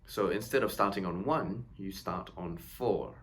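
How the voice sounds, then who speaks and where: In an unhurried, low-pitched voice, a man guides a violin lesson step by step, counting the beats aloud. He explains patiently and encouragingly, sounding reassuring throughout. A little hiss or hum accompanies the violin playing in the background.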